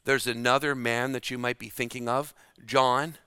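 A man preaching a sermon, slow and dramatic, dropping to a hush to stress key words. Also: mid-range voice, level tone, smooth, dry recording, clean studio sound.

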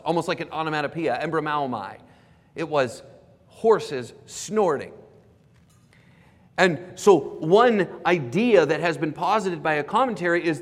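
A man preaching a sermon as pastor, earnestly explaining words and softly repeating key phrases for emphasis. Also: fairly high pitch. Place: church sanctuary. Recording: preached in a reverberant church hall.

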